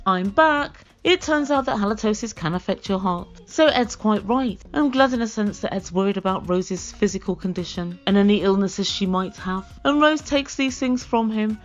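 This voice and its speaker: A woman's voice: mid-range voice, animated, moderate pace, few pauses. A woman hosting a comedic reality TV review, sarcastic and given to acting out the quotes. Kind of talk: comedic recap commentary. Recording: dull lo-fi recording with faint music.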